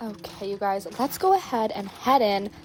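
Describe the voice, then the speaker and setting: A woman's voice: mid-range voice, moderate pace, loud music behind the voice. A woman recording a casual book-shopping vlog voiceover, chatty and upbeat, her voice a little sick from a cold. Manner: chatty and upbeat, excited gasps. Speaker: book vlogger. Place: recorded at home after the shopping. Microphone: voiceover mic.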